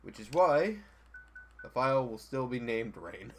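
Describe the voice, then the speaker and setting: A man's voice: mid-range voice, very animated, a little slow, a little hiss or hum. A man giving casual let's-play commentary in an offhand, joking way. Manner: offhand, laughing and swearing. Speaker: gaming streamer.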